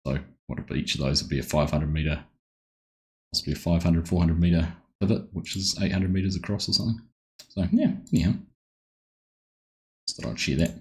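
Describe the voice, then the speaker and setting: A man chatting on a live game stream, greeting viewers by name and easily sidetracked. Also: deep voice. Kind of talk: casual live-stream commentary.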